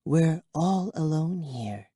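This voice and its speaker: A man voicing a thirsty, teasing vampire girl in an audiobook, with a slow, breathy hiss. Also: a little high, animated, dark tone, no room sound, studio quality, pitched above the performer's own voice, full character voice. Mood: sly whisper. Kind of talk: audiobook character voice.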